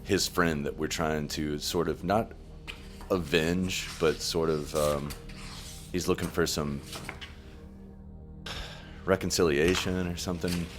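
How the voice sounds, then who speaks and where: A man's voice: extremely low pitch, steady tone, slow, pauses often, over music. A man chatting casually as a tabletop game player, rambling and laughing as he talks.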